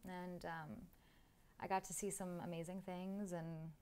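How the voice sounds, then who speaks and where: A young woman guest in a casual interview, chatty and animated, laughing often as she tells stories. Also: fairly low pitch, unhurried, a little hiss or hum.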